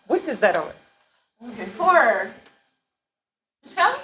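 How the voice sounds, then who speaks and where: Woman language teacher, animated and corrective, recorded from across an echoey classroom. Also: on the high side, a little slow. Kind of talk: classroom instruction. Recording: roomy, distant classroom recording.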